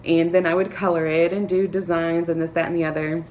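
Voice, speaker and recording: A woman talking to camera, giving earnest, encouraging advice with soft laughs and filler words. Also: lowish voice, level tone, fairly quick, slight background noise. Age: adult, a parent. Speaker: vlogger. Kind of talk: motivational talk to camera.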